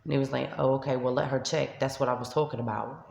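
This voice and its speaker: A woman's voice: a bass voice, steady tone, fast, gravelly, darkish tone, roomy sound, slight background noise. A woman with a New York accent, a shelter resident venting to camera in a vlog, upset and tearful as she retells an argument. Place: shelter room by a street window.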